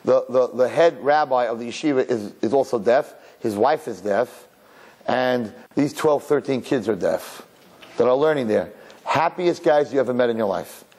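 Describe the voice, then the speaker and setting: Rabbi guy teaching, really lively ups and downs, talks right to the room. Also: mid-range voice, moderate pace, breathy edge. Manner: dramatic, conversational, asks the audience questions. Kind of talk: animated Torah class.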